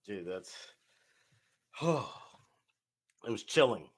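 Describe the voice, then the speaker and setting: A young man co-hosting a casual podcast chat, relaxed and agreeable, often chiming in with short reactions. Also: on the low side, drawn-out words, husky. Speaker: podcast co-host.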